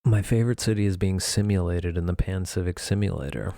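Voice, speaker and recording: A man's voice: deep voice, brisk, creaky, noisy background. A man playing a character in a tabletop role-playing game, speaking in a rambling, wry way full of ums and asides. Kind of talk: in-character monologue.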